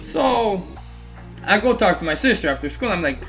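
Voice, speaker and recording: High-pitched and quick, this man tells a personal story in a casual storytime vlog while faint music plays behind him. His animated retelling is packed with "like" fillers, and he acts out other people's quoted lines.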